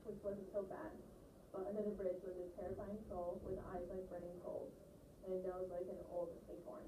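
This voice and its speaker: A woman teacher gives calm, gentle instructions to her class and then reads a picture book aloud to them. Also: mid-range voice. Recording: echoey classroom from far off with noise.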